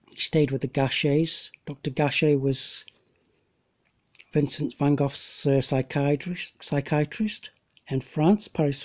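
A man's voice: fairly high pitch, darkish tone. A man talking about paintings in a casual, rambling way, often stopping to hesitate and correct himself. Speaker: amateur painter presenting his copies. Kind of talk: casual narrated slideshow. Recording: dull lo-fi home recording.

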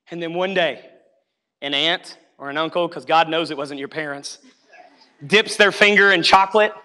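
In a church sanctuary with long hall reverb, a man's high, pushed, bright voice rings out clear and resonant. He is a pastor delivering an emphatic, repetitive sermon, repeatedly urging his congregation to listen.

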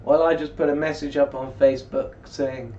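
This man's warm, medium-pitched voice moves little in pitch and keeps a moderate pace. A religious video blogger sitting indoors, he talks casually and rambles while reading scripture aloud, captured on a distant mic with dull, lo-fi quality.

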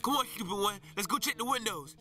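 A man's voice: sits high, lively intonation, fast talker, sharp tone, soft background music, full character voice. A man voicing a dim, fawning male bird henchman in a puppet comedy skit, whiny and eager to please.

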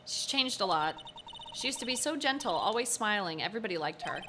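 A woman's voice: medium pitch, animated, brisk, background noise, lightly acted. A woman reading an eager science-loving girl. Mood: soft.

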